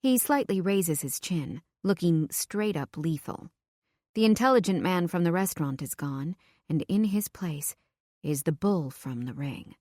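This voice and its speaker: A woman narrating a romance audiobook in the first person, with expressive, intimate storytelling. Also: fairly low pitch, a little slow, no room sound, clean studio sound.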